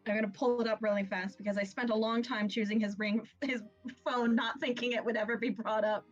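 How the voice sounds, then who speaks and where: A woman's voice: a little high, steady tone, a little fast, dull audio, soft background music. A woman acting as game master, narrating a tabletop game in a casual, chatty way with many fillers. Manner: casual, laughing, full of fillers.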